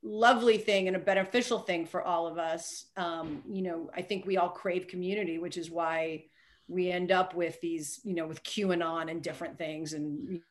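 A woman's voice: fairly low pitch, steady tone, normal speed. A woman author talking casually as a podcast guest, chatty and self-deprecating, with frequent fillers and restarts.

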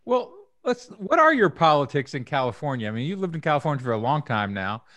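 A man's voice: fairly high pitch, sing-song, fast, bright, forceful tone, no room sound. A man chatting casually with a friend, thoughtful and teasing in turn. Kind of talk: casual chat.

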